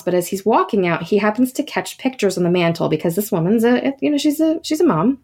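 A woman's voice: on the high side, very animated, fairly quick, few pauses, darkish tone. Chatty woman telling a ghost story. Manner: chatty, lots of fillers and asides. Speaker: podcast host. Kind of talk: casual storytelling.

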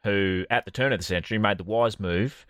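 Man, deep, sardonic podcast co-host, dry close sound. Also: brisk, fairly bright tone, clear, resonant tone, no echo. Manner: sardonic, profane storytelling. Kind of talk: comedic podcast banter.

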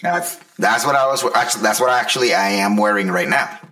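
A man's voice: lowish voice, a little fast, a loud crowd. A man in his thirties co-hosting a podcast, telling stories in a rambling, profane, casual way full of restarts. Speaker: podcast co-host. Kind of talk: casual chat.

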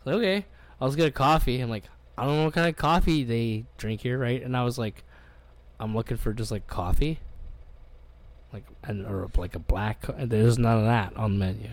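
A man's voice: mid-range voice, moderate pace. A man from Canada telling a rambling travel story on a podcast, swearing a lot and acting out what people said. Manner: rambling, profane, acts out quoted voices. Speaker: podcast co-host. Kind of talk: casual storytelling chat.

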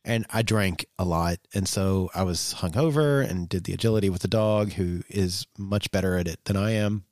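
A man's voice: deep voice, normal speed, a little mellow, dry recording, studio quality. A man co-hosting a podcast, telling personal stories in a frank, rambling way with plenty of fillers. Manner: candid, rambling storytelling with many fillers. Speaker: podcast co-host. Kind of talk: casual chat.

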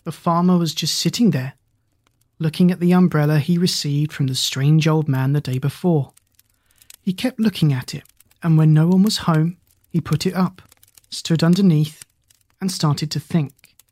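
A storyteller reading a folk tale in an even, measured way, now and then asking the listener questions, in a dry, close recording. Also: mid-range voice, dry recording. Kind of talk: scripted story narration.

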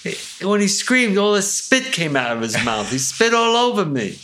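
An older male actor telling casual anecdotes in a rambling, animated way, full of restarts. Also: high voice, moderate pace, slight background noise. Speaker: actor guest.

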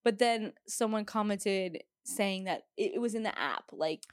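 Woman co-host, casual recap chatter, laughs a lot, medium pitch, dry close sound. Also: measured pace, no room sound. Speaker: podcast co-host. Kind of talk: casual chat recapping a reality show.

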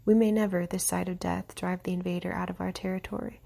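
A woman hosting a show, reading a devotional text aloud in a soft, often half-whispered voice, with brief comments of her own. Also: on the low side, little pitch movement, quick pace, gravelly.

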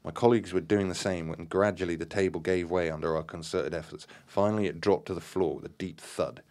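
Deep-voiced man reading a tale aloud. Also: steady tone, fairly quick. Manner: acts out shouted dialogue, many fillers and restarts. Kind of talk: reading aloud from a book with comments.

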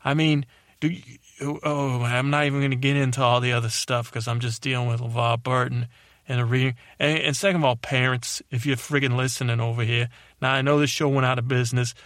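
A man voicing a loudmouth male butterfly who rants angrily at humans in a brash, rambling way with a put-on tough-guy accent. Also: mid-range voice, level tone, racing, hardly any pauses, dry recording, clean studio sound, natural voice. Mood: ranting. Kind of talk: comedic character monologue.

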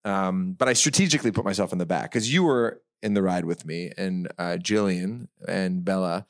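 A deep-voiced man speaking at normal speed co-hosts a live podcast on a festival stage, casually recounting self-mocking stories and laughing often. The audio is studio quality without echo.

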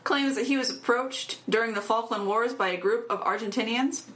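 A woman's voice: fairly high pitch, brisk, a bit bright, echoey room. A woman co-hosting a casual chat podcast, talking loosely and acting out countries in silly voices. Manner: chatty, acts out nations in silly voices. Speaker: podcast co-host.

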